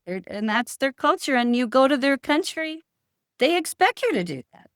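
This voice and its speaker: A middle-aged woman, a real estate professional, telling stories in a calm, assured way in a casual interview. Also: high-pitched, moderate pace, dry recording, clean studio sound. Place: California.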